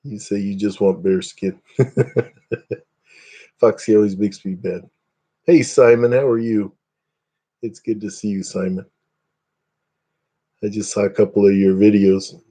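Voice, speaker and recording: A man's voice: lowish voice, steady tone, slow pace, pauses often, dark tone. A man hosting a casual livestream, chatting with viewers in a rambling, self-deprecating, joking way. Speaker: livestream host. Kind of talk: casual chat with live viewers.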